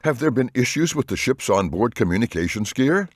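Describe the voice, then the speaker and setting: A man's voice: mid-range voice, very animated, fairly quick, no echo, clean studio sound, pitched above the performer's own voice. A man voicing a shaken young male ocean researcher in an audiobook, asking urgent, pleading questions. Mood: anxious. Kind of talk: audiobook character voice.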